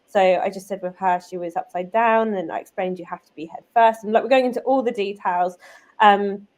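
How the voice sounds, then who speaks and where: A British woman in her thirties, a guest and business owner, telling stories in a lively, chatty way full of "like" and "um". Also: mid-range voice, brisk. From United Kingdom. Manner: lively, chatty, many fillers like "like" and "um". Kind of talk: casual conversational storytelling.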